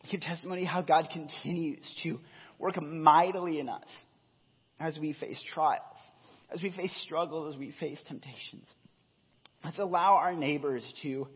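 A man's voice: on the high side, breathy edge. A man preaching a sermon as pastor, earnest and emotional, with frequent fillers and restarts. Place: church hall. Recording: dull echoey hall sound.

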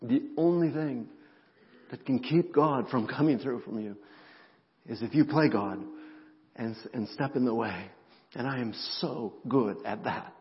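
A middle-aged man preaching a sermon as pastor, emotional, moving between hushed, halting passages and rising, intense ones. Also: mid-range voice. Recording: muffled sound in a reverberant hall.

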